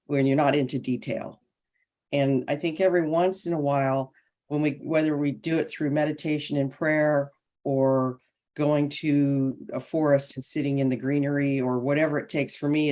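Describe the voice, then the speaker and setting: A woman's voice: extremely low pitch, a little mellow. Middle-aged woman telling a story. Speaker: panel guest. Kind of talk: casual panel talk, storytelling.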